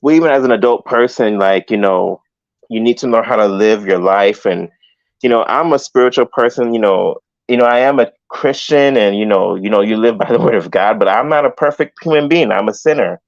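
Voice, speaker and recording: A man's voice: fairly low pitch, a little fast, no echo. Rambling man caller, dry lo-fi line. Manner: rambling, heavy on "like" and "you know". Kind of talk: call-in opinion.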